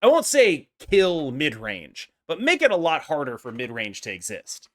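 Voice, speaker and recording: A man hosting a casual gaming podcast, animated and jokey, laughing often. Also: fairly high pitch, moderate pace. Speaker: podcast host.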